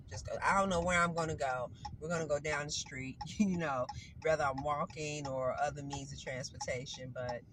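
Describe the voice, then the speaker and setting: Congested woman chatting over vehicle noise. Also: sits low. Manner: rambling, chatty, self-correcting. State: congested with a cold. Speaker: vlogger. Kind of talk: casual chat to camera. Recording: noisy vehicle background.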